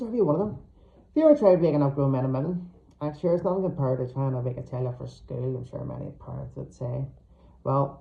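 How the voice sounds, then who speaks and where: A man's voice: on the high side, lo-fi sound. Sweary Northern Irish man reading aloud. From Northern Ireland. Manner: sweary, cheeky, deadpan banter with asides. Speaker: author reading his own novel. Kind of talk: humorous story reading.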